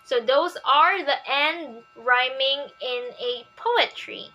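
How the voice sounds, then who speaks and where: Young woman, slow and bright. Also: high-pitched, soft background music, poor audio. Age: young adult. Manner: slow, reads examples aloud. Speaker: student presenter. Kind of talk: classroom presentation.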